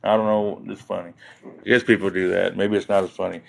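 A man's voice: low voice, little pitch movement, a little fast, gravelly, low-quality recording. A man hosting a casual livestream, rambling from one joke to the next and chuckling often at his own stories. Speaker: livestream host.

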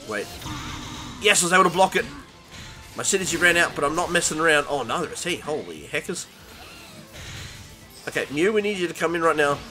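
A young man hosting a gaming channel, excitedly commentating his own gameplay, talking to the characters on screen and laughing along. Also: on the high side. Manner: excitable, yelps and laughs while playing, talks to the game. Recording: game music behind.

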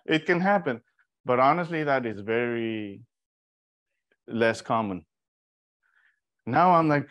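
A man from Mexico teaching an informal Bible study, telling stories in a lively, animated way with restarts. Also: mid-range voice, slow, long pauses, dry recording.

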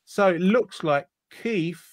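A man's voice: high voice, slow, no room sound. Male host, light-voiced, dry, rambling and jokey. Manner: jokey, rambling, lots of ums. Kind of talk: casual quiz chat reading viewer comments.

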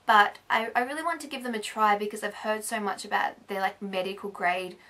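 An Australian woman beauty vlogger chatting casually through a haul, rambling and correcting herself, a little hoarse as she is losing her voice. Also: mid-range voice, fairly even intonation, brisk, pushed and bright. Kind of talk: casual haul video chat.

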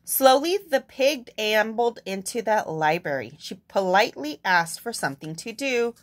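A woman's voice: mid-range voice, expressive, normal speed. A young woman reading a picture book aloud expressively, adding asides to her listeners. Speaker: storyteller.

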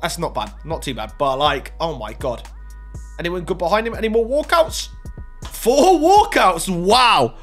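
Excitable young gaming commentator. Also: male voice, sits high, a little slow. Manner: excitable, swinging between hype and groans. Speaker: gaming YouTuber. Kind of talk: pack-opening commentary. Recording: faint music underneath.

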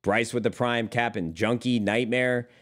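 A man's voice: mid-range voice, fairly even intonation, unhurried, fairly bright tone. A young man streaming live, chatting casually with viewers in a rambling way, swearing freely and calling them brother.

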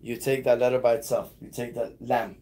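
A man teaching a beginner one-on-one in a casual lesson, patiently repeating words slowly. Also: medium pitch, little pitch movement, mellow. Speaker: Arabic teacher.

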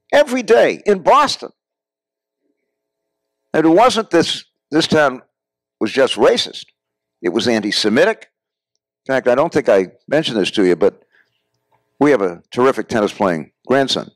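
A man's voice: lowish voice, no room sound. An older American man telling personal anecdotes to a class, often addressing the audience as folks. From United States. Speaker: guest speaker. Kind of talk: storytelling lecture. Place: classroom or lecture hall.

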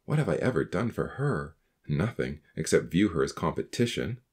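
A man's voice: low-pitched, very animated, normal speed, darkish tone, breathy edge, pitched below the performer's own voice, full character voice. A man voicing an earnest, slightly awkward teenage boy in a storybook reading. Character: earnest teenage boy, newly baptized, eager to encourage.

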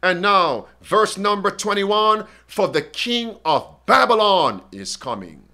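A man preaching a sermon, reading scripture aloud and asking his listeners questions with slow emphasis. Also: sits high, expressive, sharp tone.

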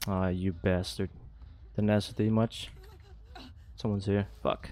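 A man giving casual live gameplay commentary as a streamer, excitable, swearing and laughing often. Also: lowish voice, measured pace, pauses often. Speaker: gaming streamer.

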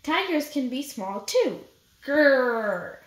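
A woman's voice: a little high, slow pace, fairly bright tone. A woman voicing a stubborn little male mouse who insists he is a tiger, read from a storybook. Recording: roomy echo.

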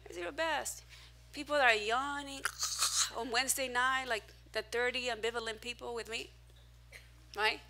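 A woman pastor preaching to a small evening congregation with a high, bright voice. She talks in an animated, self-mocking way, jumping from loud outbursts to hushed asides. Her sound is sharp and forward. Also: moderate pace, long pauses. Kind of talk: sermon. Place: church hall, preaching to a small crowd.

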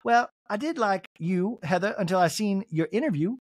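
A man imitating a blunt older woman from a reality show, who talks in a slow, flat, matter-of-fact way. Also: high-pitched, no echo, pitched above the performer's own voice. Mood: accusing.

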